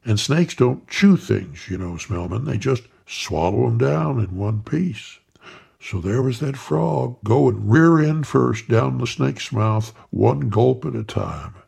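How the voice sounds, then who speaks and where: A man telling a folksy tale in an unhurried way, talking straight to his listeners, with a gravelly, husky voice. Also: medium pitch, lively intonation, a little mellow. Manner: unhurried, addressing listeners by name. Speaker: storyteller. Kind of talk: folksy spoken storytelling.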